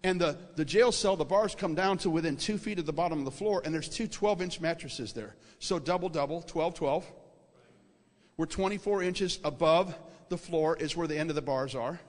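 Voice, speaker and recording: A man preaching a sermon, telling a dream in an animated storytelling way that repeats words for emphasis and checks in with his audience. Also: a little high, moderate pace. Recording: reverberant hall.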